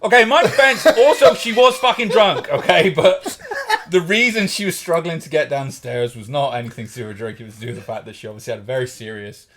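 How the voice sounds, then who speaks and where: A man's voice: on the high side, fairly quick, a bit bright. A man co-hosting a podcast, telling a story in casual chat, swearing and laughing as he goes. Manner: swears freely, laughs through his own story. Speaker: podcast co-host.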